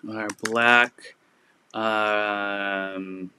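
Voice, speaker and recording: A man hosting a live resale stream, chatting casually and filling pauses with "like" and "um" while he shows items. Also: fairly low pitch, level tone, sharp tone, slight background noise. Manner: chatty, lots of "like" and "um" fillers. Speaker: online resale seller.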